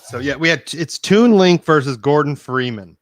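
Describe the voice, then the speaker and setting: A man's voice: fairly high pitch, faint music behind. A man co-hosting a casual podcast stream, steering the chat through a game-character bracket. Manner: steers the talk, quick bursts then trailing off. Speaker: podcast co-host running the bracket.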